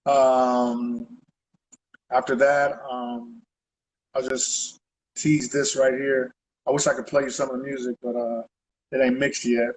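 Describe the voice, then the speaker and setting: A man's voice: mid-range voice, flat delivery, a little slow, long pauses, a little hiss or hum, poor audio. A man being interviewed as a guest artist, talking in a loose, rambling way and tagging his sentences with conversational asides. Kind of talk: casual interview chat.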